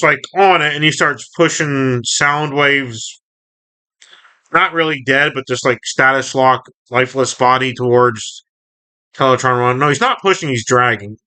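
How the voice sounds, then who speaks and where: A man's voice: medium pitch, bright, forceful tone, clean tone. A man reading and reviewing a comic book in a chatty, rambling way, often correcting himself. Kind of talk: casual comic reading and commentary.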